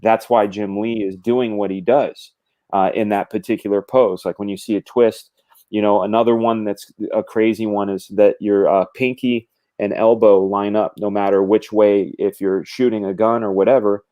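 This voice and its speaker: Low mellow-voiced man explaining art. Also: moderate pace. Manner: animated, explains with gestures and quoted thoughts. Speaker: comic book artist guest. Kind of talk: casual conversation.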